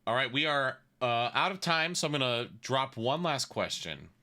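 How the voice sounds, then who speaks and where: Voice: medium pitch, expressive, moderate pace, bright, forceful tone. A panel host giving brief, upbeat reactions and questions. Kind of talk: casual panel hosting.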